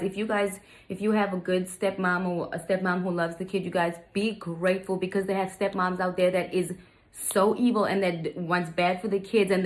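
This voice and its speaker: A woman in her thirties telling a personal story in a chatty, casual way, often turning to her viewers. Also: fairly low pitch. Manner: chatty, repeats "you guys" to viewers. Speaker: vlogger.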